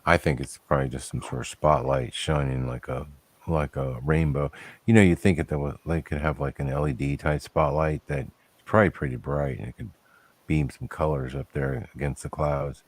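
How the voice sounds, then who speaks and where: Deep-voiced man in rambling chat. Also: moderate pace. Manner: rambling, opinionated, heated at times. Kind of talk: casual chat.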